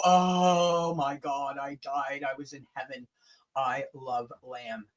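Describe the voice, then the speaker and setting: A woman's voice: rumbling low, fairly even intonation, takes it slowly. A woman co-hosting a casual livestream, chatty and jokey, swearing freely. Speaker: livestream co-host.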